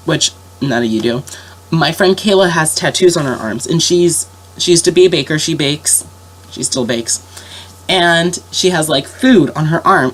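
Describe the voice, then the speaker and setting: A young woman with a sick voice telling a story in a rambling, casual way, full of fillers and restarts. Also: on the low side. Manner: rambling, lots of fillers and self-corrections. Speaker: vlogger.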